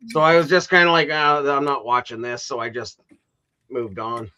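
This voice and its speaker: A man's voice: medium pitch, moderate pace, sharp tone. A middle-aged man chatting casually on a livestream, telling stories and laughing often. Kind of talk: casual chat.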